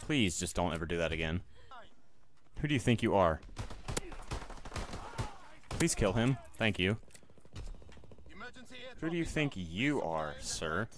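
Low-voiced young man commentating gameplay. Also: sing-song, takes it slowly, pauses often, a little hiss or hum. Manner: casual, jokey, talks to himself and viewers, sudden yelps. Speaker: gaming YouTuber.

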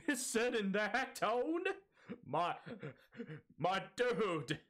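A man's voice: high voice, big pitch swings, extremely slow, fairly bright tone. A young man streaming a game, chatting casually, rambling and laughing often, joking at his own expense, wired on an energy drink.

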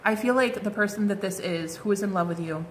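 A woman's voice: medium pitch, fairly quick, a little hiss or hum. Bubbly chatty woman reading tarot. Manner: chatty, bubbly, lots of "like" and "oh my God". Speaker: tarot card reader.

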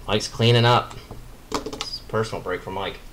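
Low-voiced man chatting through a card break. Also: normal speed. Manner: chatty, excitable, muttering asides while opening packs. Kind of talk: live card-break commentary.

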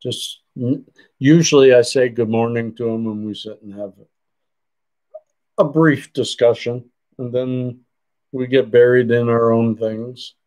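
A Canadian man hosts a livestream from his computer desk, chatting casually with viewers and reading their comments as he rambles and trails off mid-sentence. His medium-pitched, darkish voice stays steady at a measured pace, though the audio is poor.

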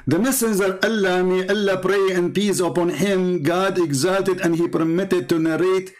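Man, Arabic accent, taunting commentary, sarcastic, slightly high voice. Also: fairly even intonation, moderate pace, a little mellow. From Arab world. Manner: taunting, sarcastic, repeats words in bursts. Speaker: Christian apologist. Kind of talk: mocking polemical commentary.

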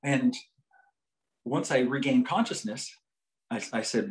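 A male psychologist giving a lecture. He tells a story in a joking, animated way. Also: mid-range voice, slow, background noise.

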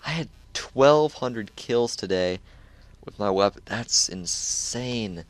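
A man's voice: lowish voice, expressive, takes it slowly, no room sound. A man chatting casually over his own gameplay, laid-back and loose, full of dude and like. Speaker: gamer sharing a match.

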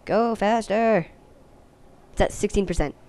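A young woman giving goofy, jokey gameplay commentary, now and then breaking into silly high-pitched voices. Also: measured pace, dark tone. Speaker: let's play host.

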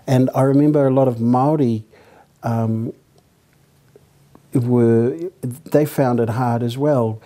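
A man's voice: lowish voice, darkish tone. A man with a New Zealand accent, an actor telling reflective anecdotes in an interview. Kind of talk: reminiscing interview answers.

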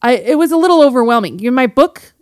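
A woman guest on a podcast in casual chat, talking in quick restarts and laughing easily. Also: sits high, lively intonation, no echo, clean studio sound.

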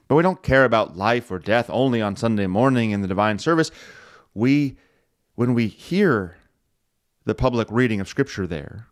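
A man's voice: medium pitch, dry recording, studio quality. A man hosting a devotional radio show as a pastor, preaching in an emphatic voice that swells and drops for emphasis. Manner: emphatic, rising and falling with emphasis, occasional chuckles.

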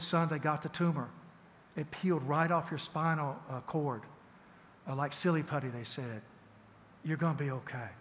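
A man giving a sermon in a church, emphatic, swinging from loud urging to hushed tenderness and repeating his phrases. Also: fairly high pitch, slight background noise. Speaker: church speaker. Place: church hall. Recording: echoey church hall with long reverb.

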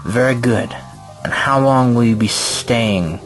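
A man's voice: mid-range voice, takes it slowly, lightly acted. Man doing a thin, eerie hotel keeper. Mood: formal. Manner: businesslike, polite and precise. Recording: clear background music.

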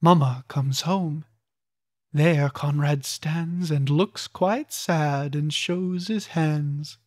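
An audiobook reader narrating old rhyming children's stories with a deliberate, theatrical delivery and voiced characters. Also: mid-range voice, darkish tone, no echo, studio quality. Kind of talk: storybook verse narration.

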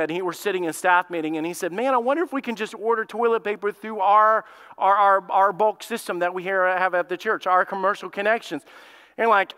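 A man preaching a sermon as pastor, telling a story in a lively, conversational way. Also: high-pitched, smooth. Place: church sanctuary. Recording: long hall reverb.

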